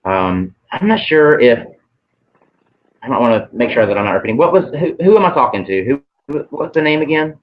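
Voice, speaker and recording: A man's voice: medium pitch, lively intonation, brisk, lo-fi sound. A man channeling messages in a casual, hesitant way, with many ums and some casual swearing.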